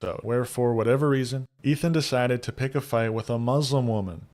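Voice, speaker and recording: A man narrates a fan-made video essay in a steady, mid-pitched voice. He lays out his points in a measured, scripted, explanatory way.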